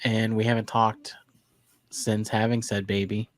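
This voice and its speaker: A young man with an American accent chatting casually as a podcast co-host, joking in a dry, deadpan way. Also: lowish voice, a little slow, no echo. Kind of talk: casual chat.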